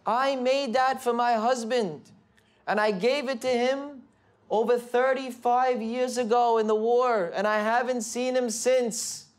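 A male speaker voicing an emotional elderly woman in a spoken story, his voice raised high. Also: steady tone, unhurried, natural voice. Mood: tearful. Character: elderly woman, tearful, long-separated wife.

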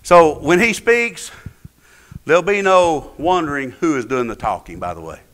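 A man's voice: fairly high pitch, animated, moderate pace, fairly bright tone. A man preaching a sermon in an emphatic, rising and falling cadence. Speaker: pastor. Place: church.

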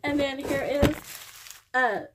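A middle-aged woman from Oklahoma with a fairly high voice gushes over stickers and paper in an unboxing vlog, exclaiming and thanking over and over. Paper crinkles faintly behind her. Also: slow pace, background noise. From Oklahoma, USA. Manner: gushing, effusive, exclaims often. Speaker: crafting vlogger. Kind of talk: happy mail unboxing vlog.

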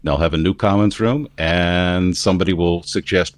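Here the co-host, a man with a standard American accent from the Philadelphia area, speaks at a moderate pace in a low voice with fairly even intonation. He explains things at length in a casual news conversation.

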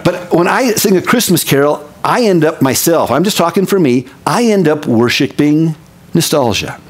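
A man's voice: on the high side, animated, moderate pace, breathy edge. A middle-aged male pastor from Minnesota giving a casual, folksy sermon with candid conversational asides.

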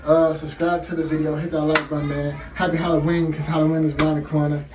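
A man in his twenties with a heavy Chicago accent, telling a story to camera in a lively, slangy way and laughing often. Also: a little high, fast talker. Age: 20s. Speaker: vlogger. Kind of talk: casual storytime. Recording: echoey room, faint music.

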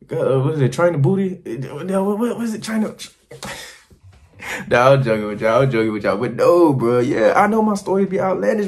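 A man with a somewhat high-pitched voice talks straight to his viewers in a loose, rambling vlog. He is animated and crude, and he keeps breaking into quoted voices as he tells his story. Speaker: travel vlogger. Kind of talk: casual storytelling to camera.

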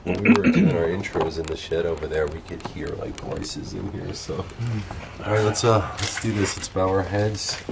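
A man's voice: deep voice, expressive, moderate pace, vocal fry, a loud crowd. A man on a paranormal exploration trip, speaking earnestly and leading a solemn spoken prayer. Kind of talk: spoken prayer and casual chat. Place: abandoned house, indoors. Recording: noisy handheld recording.

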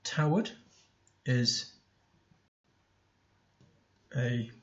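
A man's voice: mid-range voice, very slow, a bit bright, lo-fi sound. A male teacher talking through a poem in a recorded lesson, thinking aloud as he writes notes, with many ums and restarts.

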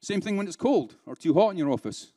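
A man's voice: sits high, big pitch swings, quick pace, dark tone, dry recording. A man with a British accent giving a live keynote at a conference, talking conversationally with rhetorical questions and dry sarcasm. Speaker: keynote speaker. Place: conference room.

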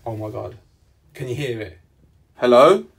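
A young Englishman filming on a phone while trapped in a small lift, shaky and panicking, talking in reassurances and shouting for help. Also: fairly low pitch, flat delivery, moderate pace, slightly rough. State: panicking, shaking. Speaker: vlogger. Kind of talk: frightened handheld vlog. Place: inside a small stuck lift. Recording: distant phone mic, faint hiss.

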